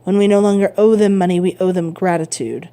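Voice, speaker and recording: A woman's voice: fairly low pitch, steady tone, a little fast, warm tone, close to an everyday voice. A woman voicing an earnest young male sailor who is a devoted son, speaking eagerly in a storybook reading.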